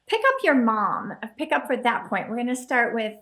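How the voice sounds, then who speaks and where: A woman's voice: on the high side, very animated, brisk, pushed and bright. A woman hosting a podcast interview, reacting with enthusiasm and affirming her guest. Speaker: podcast host. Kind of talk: casual interview chat.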